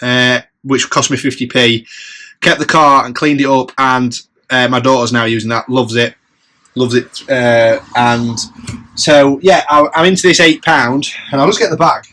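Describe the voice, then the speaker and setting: A man's voice: medium pitch, fairly even intonation, normal speed, sharp tone, slight background noise. A man, chatting casually on his vlog and running upbeat tallies of prices and profit. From England. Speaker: reseller vlogger. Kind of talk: casual chat.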